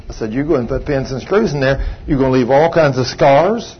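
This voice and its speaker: An older man preaching a sermon, telling a testimony with emphatic, drawn-out phrases. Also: mid-range voice, big pitch swings. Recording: slightly dull sound, faint background hum.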